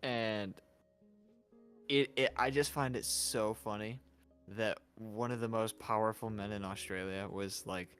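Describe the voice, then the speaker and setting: A man with a fairly low voice chats loosely on his livestream, dropping swear words without a second thought. Soft lo-fi music plays faintly underneath him. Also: fairly even intonation, unhurried, clean tone. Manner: casual, swears freely. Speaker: livestream host. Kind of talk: casual chat on a livestream.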